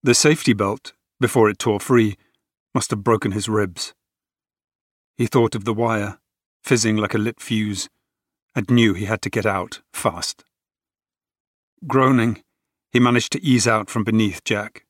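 Male audiobook narrator, low-pitched, measured and dramatic, dry booth sound. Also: steady tone, dry recording.

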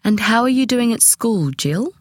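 A woman's voice: a little high, animated, moderate pace, dry recording, clean studio sound, voice pushed up. A woman narrator voicing a nervous, polite short man visiting a family. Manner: polite, flustered.

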